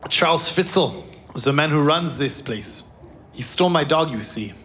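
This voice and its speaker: A man voicing a weary, gentle male scientist who speaks formally and sadly. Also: a little high, expressive, moderate pace, slight background noise. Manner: formal, melancholy speech.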